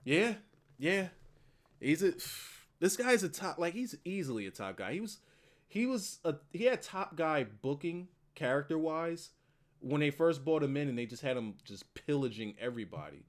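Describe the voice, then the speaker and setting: Animated, swearing male wrestling reviewer. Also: on the high side, moderate pace. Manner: animated, profane, laughs a lot. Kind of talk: casual podcast chat.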